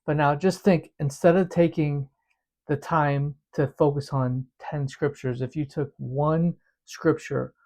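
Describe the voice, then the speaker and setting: A man's voice: medium pitch, a little mellow. A man teaching a devotional method in a casual, earnest way, often repeating words as he explains.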